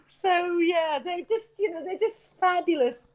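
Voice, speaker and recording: Lively middle-aged British actress telling stories. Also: female voice, extremely high pitch, a little slow. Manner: animated anecdotes, acts out quoted voices, laughs often. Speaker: actress and screenwriter, interview guest. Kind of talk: casual interview storytelling. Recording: dull lo-fi audio.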